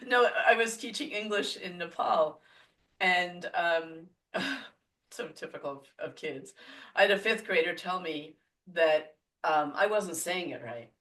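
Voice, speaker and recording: A woman telling stories in a casual podcast conversation, animated and laughing often. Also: on the low side, unhurried. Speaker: podcast guest. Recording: voice a bit distant from the mic.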